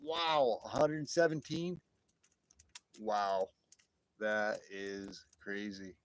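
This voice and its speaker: Rambling, excitable man streaming outdoors. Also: on the low side, extremely slow. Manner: rambling, exclamatory, easily excited. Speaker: livestream host. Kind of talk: casual live chat with viewers. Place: outdoors by a fire at night, light rain. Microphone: phone livestream.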